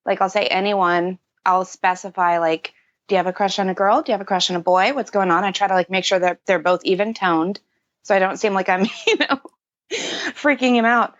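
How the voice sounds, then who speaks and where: A woman's voice: medium pitch, fairly quick. A woman in her thirties, a podcast guest, speaking candidly and reflectively in casual conversation, with many fillers. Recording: dull lo-fi audio.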